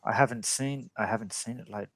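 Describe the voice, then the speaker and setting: A man's voice: lowish voice, steady tone, fairly quick, fairly bright tone. A man co-hosting a casual live-streamed talk show with dry, wry humor. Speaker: co-host.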